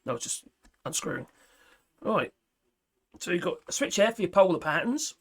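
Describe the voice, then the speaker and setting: A man with a fairly high voice chats away as he unboxes a microphone, muttering to himself as he fiddles. Self-mocking and casual, he talks straight to camera from an indoor home setup. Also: big pitch swings, normal speed, a bit bright. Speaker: product reviewer.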